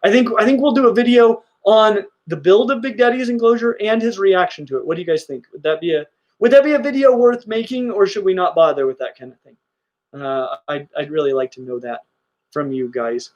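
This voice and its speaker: A man's voice: sits high, brisk, a little mellow, dull audio. A middle-aged man hosting a casual reptile livestream, gushing enthusiastically about his animals. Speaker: reptile channel host.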